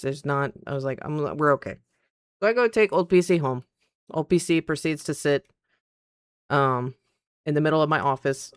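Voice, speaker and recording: A woman streamer chatting casually at her PC, telling a story in an animated way and acting out the other people's lines. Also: sits low, clean tone, no echo, studio quality. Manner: animated, acts out quoted dialogue. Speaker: streamer and content creator.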